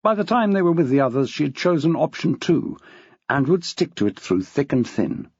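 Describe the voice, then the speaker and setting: Expressive male audiobook narrator. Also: a little high, slightly rough, dry recording. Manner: measured, expressive reading. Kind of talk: scripted narration. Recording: dull, dry.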